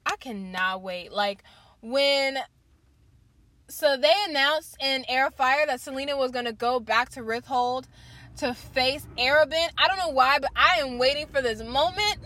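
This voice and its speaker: A woman who reviews books vlogs in a chatty, gushing way, dropping "like" constantly and calling viewers "you guys" and "y'all." Her voice sits high, a little slow, bright and forceful, in a dry recording.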